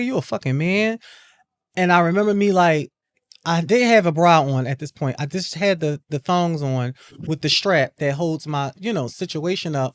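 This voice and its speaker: A woman's voice: fairly low pitch, no room sound. A woman hosting a podcast, telling a personal story in a casual, repetitive way and often starting with "I remember.". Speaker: podcast host.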